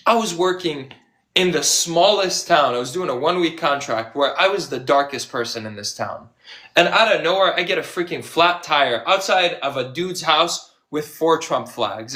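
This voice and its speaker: A male activist with a bright, tense edge talks with biting sarcasm. He slips into other people's voices to quote them, mocking the arguments he keeps hearing. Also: fairly high pitch. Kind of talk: impassioned conversational storytelling.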